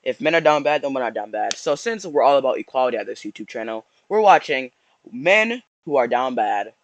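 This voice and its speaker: A young man rambling through casual reaction commentary, slangy and mock-sorrowful, with restarts and drawn-out sighs. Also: mid-range voice. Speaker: YouTuber reacting to posts.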